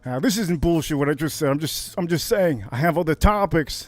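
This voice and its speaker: A man from Miami hosting a casual whiskey livestream, brash and hyped, jumping to high shouts on catchphrases. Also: expressive, normal speed, few pauses, no room sound. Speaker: livestream host reviewing whiskey.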